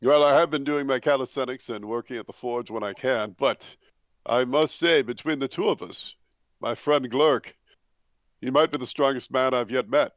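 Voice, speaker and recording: A man speaks as a player in a tabletop game, his phrasing formal and courteous, broken by halting fillers. His voice sits at an ordinary pitch. The dry recording has a slightly dull, lo-fi sound. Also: no room sound. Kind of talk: in-character tabletop role-play.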